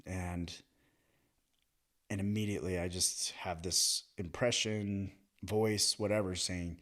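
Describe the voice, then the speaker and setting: A man's voice: deep voice, takes it slowly. A man in his thirties, a podcast guest, casually telling stories and acting out the dialogue, with frequent laughs. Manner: animated, acts out quoted dialogue, laughs often. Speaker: podcast guest, military veteran. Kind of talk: casual storytelling chat.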